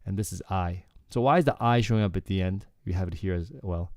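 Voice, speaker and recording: A man teaching Korean through song lyrics in a relaxed, explanatory way, often checking in with "okay" and filling with "like". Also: low-pitched, fast talker, no echo, clean studio sound. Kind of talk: casual lyrics breakdown lesson.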